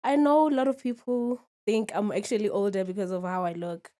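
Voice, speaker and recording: A woman's voice: mid-range voice, animated, fairly quick, warm tone. Young woman speaking candidly. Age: 20s. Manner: candid, keeps asking "you understand?". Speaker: guest. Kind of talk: casual interview.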